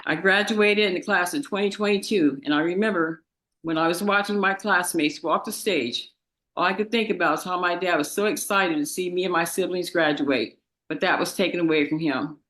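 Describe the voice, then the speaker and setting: A young woman, the victim's daughter, reads a halting, emotional statement in a courtroom, often repeating her words. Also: on the low side, fairly bright tone, echoey room, rough recording. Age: young adult. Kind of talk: reading a victim impact statement.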